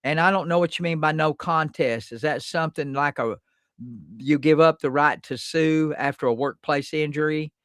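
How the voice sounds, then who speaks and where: A man's voice: on the high side, moderate pace, fairly bright tone, no echo, studio quality. A man hosting a live-stream legal Q&A, blunt and emphatic, repeating words for stress. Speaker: host.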